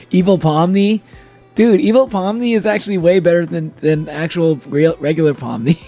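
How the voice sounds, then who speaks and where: A high-voiced man chatting on a live stream, a little tipsy and giggling between sentences. He laughs easily and swears without a second thought. Faint music plays quietly behind him. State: tipsy from drinking. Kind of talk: casual live-stream chat.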